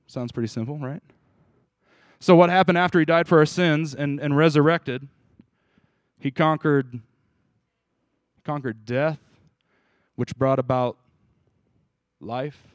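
Slightly high-voiced, this male pastor takes his time, leaving long pauses, and the recording has no room sound. His sermon is informal and chatty, with questions for the group and frequent restarts.

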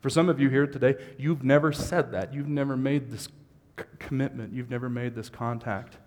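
A pastor in a large hall delivers his sermon at normal speed, his medium-pitched voice holding a steady tone. He begins with relaxed asides and builds to rising, shouted exhortation.

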